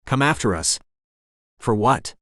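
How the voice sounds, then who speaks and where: A man's voice: mid-range voice, animated, takes it slowly, a bit bright, dry recording, clean studio sound. A man doing a protective, determined young man. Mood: urgent.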